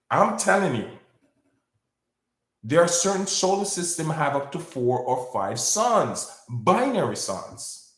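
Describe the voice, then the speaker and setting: Rambling man in an echoey room. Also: a little high. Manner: rambling, repeats words, insults critics. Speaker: video host. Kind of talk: casual monologue to camera.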